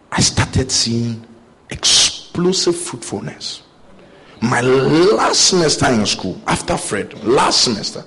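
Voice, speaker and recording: A young man preaching a sermon, telling personal stories and acting out the voices in his dialogues. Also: medium pitch. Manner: animated storytelling, acting out both sides of dialogues.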